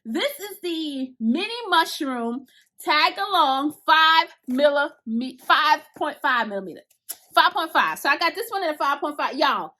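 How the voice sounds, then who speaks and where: Gushing high-voiced woman vlogger. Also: a little slow. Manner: gushing and excitable, talks straight to viewers; casual Southern-style slang like "y'all" and "I'ma". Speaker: crochet vlogger unboxing hooks. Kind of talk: casual unboxing chat to viewers.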